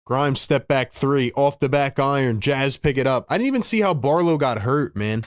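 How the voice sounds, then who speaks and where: Male stream host, mid-pitched voice, dry close mic, casual fan play-by-play, quick to get worked up. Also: no room sound. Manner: excitable, frustrated fan talk with slang.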